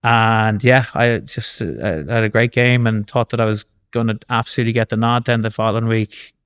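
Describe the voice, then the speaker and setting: A man in his thirties with an Irish accent, a guest telling his story in a casual interview, animated and swearing casually, with lots of fillers. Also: mid-range voice, brisk, clear, resonant tone. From Ireland. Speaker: guest, former rugby player.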